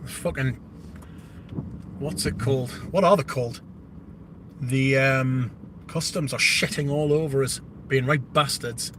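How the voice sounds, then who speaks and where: A man's voice: medium pitch, measured pace, pauses often, background noise. A British man hosting a livestream, chatting casually and rambling with plenty of swearing. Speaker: livestream host. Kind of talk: casual live chat.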